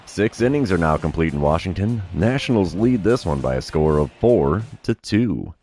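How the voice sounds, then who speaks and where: A man streaming a baseball video game, calling each pitch like an announcer with dry self-deprecating asides. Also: very animated, moderate pace, darkish tone. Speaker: gaming streamer. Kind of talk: play-by-play commentary of his own video game.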